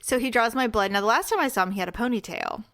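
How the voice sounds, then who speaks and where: A woman's voice: a little high, lively intonation, fast talker, a bit bright, no room sound, studio quality. A woman co-hosting a podcast, telling a story in casual, chatty talk with self-mocking laughs. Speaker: podcast co-host. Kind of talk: casual chat.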